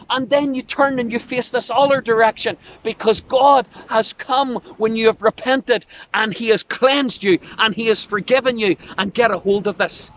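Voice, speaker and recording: Male preacher from Ireland, emphatic and direct, slow deliberate pacing. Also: high voice, fairly bright tone. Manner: emphatic, repeats and stresses key words, addresses listeners directly. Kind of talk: sermon.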